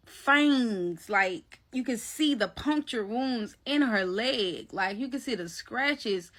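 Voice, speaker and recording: A woman telling a story in a casual storytime vlog, animated and slangy, talking straight to her viewers. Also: fairly high pitch. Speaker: vlogger.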